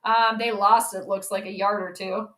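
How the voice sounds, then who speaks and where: A young woman, an astrology sports streamer, gives casual live commentary on a football game, chatting with viewers and reacting loudly to each play. Her mid-range voice has little pitch movement and a normal speed.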